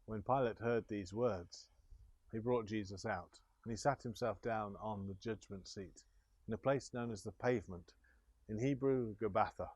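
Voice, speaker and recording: A man retelling scripture slowly and deliberately, with small restarts. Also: on the low side, darkish tone, no room sound. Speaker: scripture reader. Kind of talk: scripture storytelling.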